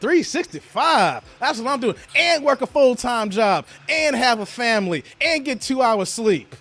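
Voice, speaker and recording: High-voiced casual livestream host man. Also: lively intonation, unhurried, a bit bright. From United States. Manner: laid-back, reads viewer chats aloud, slangy. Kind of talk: casual late-night livestream chat.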